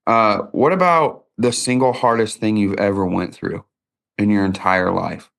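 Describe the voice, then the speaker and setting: A man's voice: on the low side, moderate pace, vocal fry, fairly bright tone. A middle-aged man, hosting a podcast interview and telling stories in a folksy, conversational way. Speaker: podcast host.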